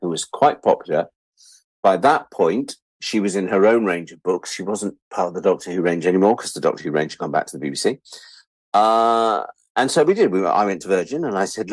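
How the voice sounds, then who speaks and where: Middle-aged guy telling stories in an interview, bouncy pitch, does all the voices, dry no-room sound. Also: fairly quick, slightly rough, dry recording. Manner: animated, acts out quoted voices. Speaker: guest. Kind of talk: casual interview storytelling.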